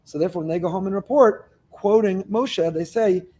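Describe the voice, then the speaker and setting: Rabbi giving a Torah lecture: emphatic, storytelling delivery, high voice with a dark tone. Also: male voice, fast. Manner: emphatic storytelling, stressing words one by one.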